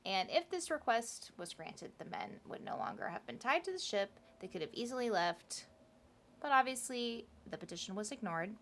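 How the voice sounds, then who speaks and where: A woman's voice: a little high, expressive, moderate pace, fairly bright tone. A woman co-hosting a podcast, telling a history story in a casual, chatty way with laughing asides. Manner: chatty, laughing asides and playful quoted voices.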